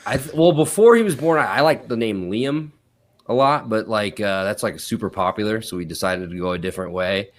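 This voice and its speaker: This man is a guest on a casual podcast and speaks at a low pitch. His talk is rambling and profane, and he laughs easily as he goes. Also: brisk. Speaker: podcast guest and host of another podcast.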